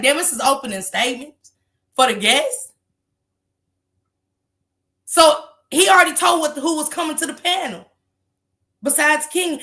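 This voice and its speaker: A woman hosts a casual commentary livestream, laughing and gossiping with profane energy. Her voice sits high and sounds bright and sharp. She rambles, apologizes, and keeps cracking herself up. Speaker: livestream host.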